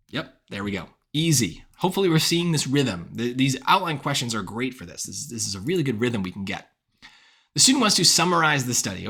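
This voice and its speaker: A man tutoring for the SAT, walking through each answer choice out loud and often asking "right?" as he reasons. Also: mid-range voice, husky. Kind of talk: test-prep walkthrough.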